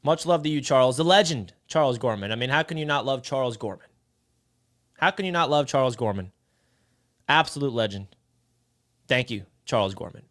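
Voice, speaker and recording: A man's voice: medium pitch, animated, a little fast, pauses often, a bit bright. A young man hosting a live fan stream, upbeat and effusive as he chats with callers and viewers. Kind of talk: excited live-stream chat.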